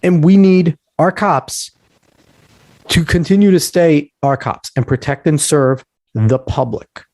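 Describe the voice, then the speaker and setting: A man's voice: on the high side, warm tone, dry recording. A man hosting a podcast, ranting with heated emphasis and lecturing on history. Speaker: podcast host. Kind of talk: casual podcast talk.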